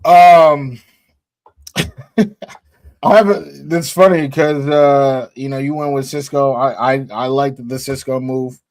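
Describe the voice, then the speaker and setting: A man co-hosting a casual sports podcast, animated and slangy, laughing often. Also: mid-range voice, slow. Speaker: co-host. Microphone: streamed podcast mic.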